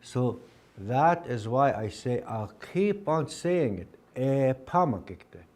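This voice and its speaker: A man's voice: mid-range voice, expressive, slow pace, a little mellow. A man teaching a Dakota language class, patiently repeating words over and over and drilling contrasting word pairs aloud. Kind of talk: spoken language lesson.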